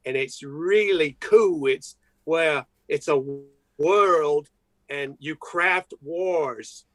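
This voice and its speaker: A man's voice: on the high side, drawn-out words, a bit bright, dry recording, low-quality recording. A man improvising a playful comic monologue, drifting in and out of a mock British accent and repeating words. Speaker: improv performer.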